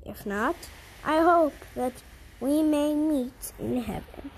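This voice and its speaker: A woman reading the part of a calm, gentle middle-aged Christian mother speaking to her captors in a story, her voice steady and halting. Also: sits high, a little hiss or hum, rough recording. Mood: tender farewell.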